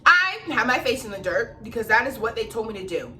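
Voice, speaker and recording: A young woman tells a storytime in a casual, animated way, swearing freely and acting out the people she describes. Her voice is fairly high and very bright. She sits a little back from the mic. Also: brisk, far from the mic, a little hiss or hum. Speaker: vlogger telling a storytime.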